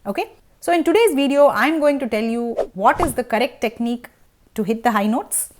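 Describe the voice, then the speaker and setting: Expressive and a little fast, this slightly high female voice comes with slight background noise. A vocal teacher with an Indian English accent, she explains singing technique and checks in with the listener often.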